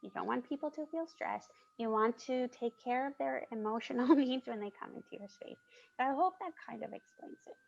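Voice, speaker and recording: A woman who works as a children's museum consultant, explaining her work on a panel in an animated way and laughing as she talks, over a video call. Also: high voice, brisk, gravelly. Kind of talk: presenting on a panel. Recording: muffled video call audio.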